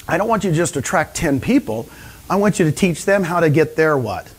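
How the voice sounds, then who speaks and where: A man giving an energetic motivational seminar talk to a live audience, often asking them questions. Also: a little high, brisk, breathy edge. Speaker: speaker at a real estate training session.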